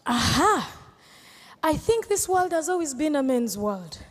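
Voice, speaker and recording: A woman's voice: high-pitched, big pitch swings, measured pace, in a large hall. A Ugandan woman comedian answering audience questions on stage, playful and teasing, laughing often. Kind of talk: live Q&A on stage.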